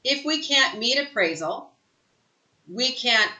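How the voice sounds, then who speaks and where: A woman giving an energetic sales training talk, emphatic and fond of asking "right?" after her points. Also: on the high side, takes it slowly, reverberant, muffled recording. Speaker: real estate sales trainer. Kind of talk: live online training talk.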